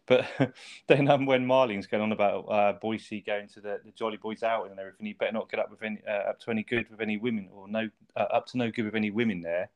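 A man's voice: fairly low pitch, steady tone, fast. A man, chatting casually as a podcast co-host, swearing and laughing often. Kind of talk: casual chat.

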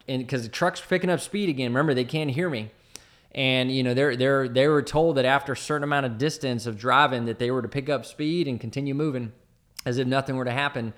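A man who once led a military team tells a personal war story casually, rambling with plenty of fillers. His voice is mid-range and a bit bright.

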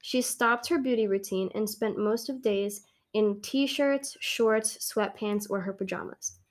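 A woman's voice: mid-range voice, unhurried. A young woman co-hosting a casual podcast, reading posts aloud with a playful, giggly manner. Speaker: podcast co-host.

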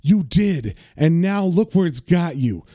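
A man reading the lines of a deranged male police officer yelling at his family. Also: a little high, expressive, measured pace, no room sound, clean studio sound. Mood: menacing. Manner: yelling, taunting.

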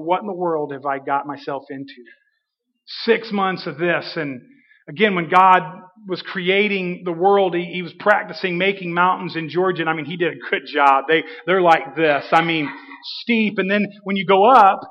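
A man, a preacher giving a sermon testimony, telling his story with dramatic pauses and emphasis. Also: sits high. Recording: dull reverberant hall.

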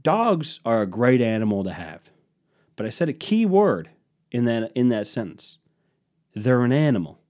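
A man's voice: mid-range voice, big pitch swings, moderate pace, a little mellow. A man hosting his own podcast, telling stories in a profane, sarcastic rant. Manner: profane, sarcastic, ranting storyteller. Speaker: podcast host.

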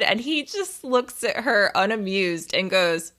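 A woman's voice: mid-range voice, expressive, takes it slowly, bright, forceful tone. A woman in her thirties telling a candid, funny family story in a casual monologue, swearing and laughing at herself. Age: 30s.

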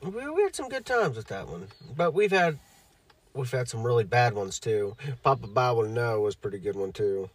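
A man's voice: medium pitch, big pitch swings, normal speed, dry recording. A man co-hosting a podcast, chatting casually, with loose, crude, laughing humor. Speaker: podcast co-host. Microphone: studio microphone.

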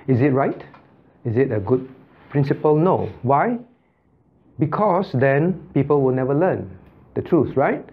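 A male pastor teaching a Bible study, calling on students by name and repeating points with quick checks like "okay?" and "right?". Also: on the high side, big pitch swings, highs cut off.

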